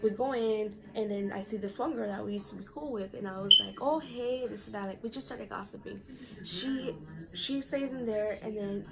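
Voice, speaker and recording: Animated young woman telling a storytime. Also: medium pitch, moderate pace, creaky, heavy background noise. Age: young adult. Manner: animated, profane, reenacts quotes. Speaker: vlogger. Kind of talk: casual storytime.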